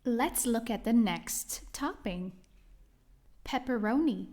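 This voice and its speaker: Cheerful, animated woman teaching kids phonics. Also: fairly high pitch. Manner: slow, cheerful, exaggerated praise for kids; sounds out letters carefully. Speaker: reading teacher for young children. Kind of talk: children's phonics lesson.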